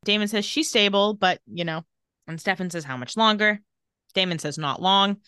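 A woman co-hosting a podcast recaps a TV episode in a smooth, mid-range voice at normal speed. Chatting casually, she animatedly retells scenes and quotes characters' dialogue, with clean studio sound and no echo.

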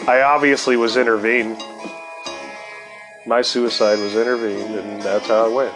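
A man's voice: mid-range voice, little pitch movement, normal speed, long pauses. Laid-back, profane man with faint sitar music. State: high. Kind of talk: casual storytelling.

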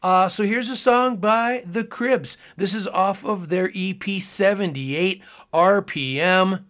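A man's voice: high-pitched, slow pace, a bit bright. A man hosting his own podcast, talking in a casual, earnest, musing way with frequent fillers. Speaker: podcast host. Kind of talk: casual solo podcast talk.

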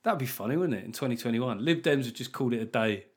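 A man's voice: mid-range voice, lively intonation, fast talker, husky. Sweary, sardonic male comedian. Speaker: comedian podcast host. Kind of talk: comedic monologue.

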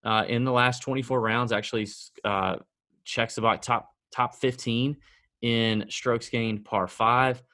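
A man co-hosting a podcast, chatting casually about golf picks in a sardonic, conversational way, thinking out loud as he goes. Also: medium pitch, fairly even intonation, a little slow, no room sound, clean studio sound. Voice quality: conversational, sardonic, thinks aloud with fillers and self-corrections. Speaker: podcast co-host. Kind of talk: casual sports-betting chat.

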